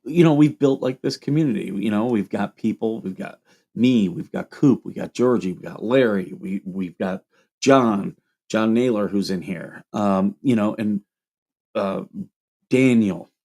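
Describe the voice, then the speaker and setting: A mellow male voice, on the low side and a little slow, belongs to a livestream host from Toledo, Ohio. With his Midwestern accent, he chats casually and rambles while responding to viewers' comments.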